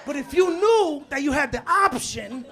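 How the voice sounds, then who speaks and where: A male stand-up comedian on a club stage, acting out scenes and shouting punchlines, with Spanish words mixed in. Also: extremely high pitch, lively intonation, normal speed. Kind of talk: live stand-up set. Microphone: handheld stage mic. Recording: live club recording with crowd noise. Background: laughing audience.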